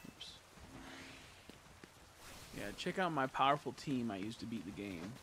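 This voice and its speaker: A man streaming a video game live, muttering to himself as he plays, swearing a lot and breaking into frustrated shouts. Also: mid-range voice, very animated, unhurried, noisy background. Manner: mutters and talks to himself while playing. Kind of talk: live gameplay commentary.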